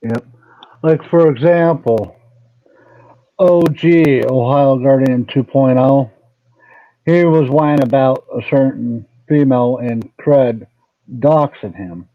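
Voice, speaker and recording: A man hosting a casual online talk, laid-back and agreeing with short quick replies. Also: mid-range voice, dry recording. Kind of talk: casual chat. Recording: tinny phone-like line.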